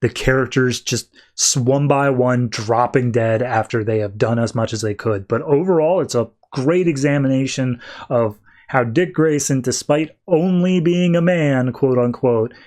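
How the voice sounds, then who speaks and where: On his comics podcast, a man casually retells a comic book issue, reading the characters' lines in a low-key way. His tone is unhurried and somewhat dark.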